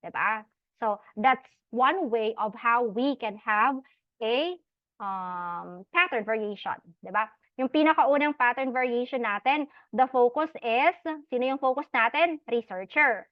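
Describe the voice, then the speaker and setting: Lecturer, woman, Filipino accent, slightly high voice, code-switching between English and Tagalog, rhetorical questions, muffled dry recording. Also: a little slow, dry recording. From Philippines. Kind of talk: academic lecture. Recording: dull muffled dry sound.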